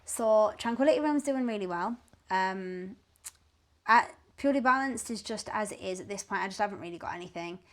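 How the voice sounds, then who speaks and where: A woman's voice: mid-range voice, brisk. A young woman, candidly telling her story as a podcast guest and swearing freely. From Teesside, England. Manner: blunt and swearing, animated retelling.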